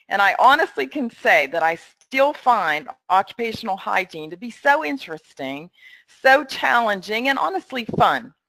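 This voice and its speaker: A middle-aged woman presenting a training webinar in a friendly, upbeat and clear way. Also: mid-range voice, pushed and bright, no echo, low-quality recording.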